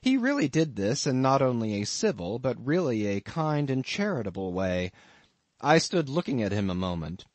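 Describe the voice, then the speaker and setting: Man reading an audiobook, animated delivery. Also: mid-range voice, moderate pace, no room sound. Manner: expressive, dramatic reading. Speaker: audiobook narrator. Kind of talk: scripted audiobook narration.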